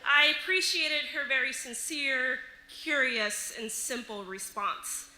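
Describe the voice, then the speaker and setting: A woman telling a personal story on stage, lively and often laughing as she goes. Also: high-pitched, takes it slowly, roomy sound, a little hiss or hum, low-quality recording. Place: live stage show.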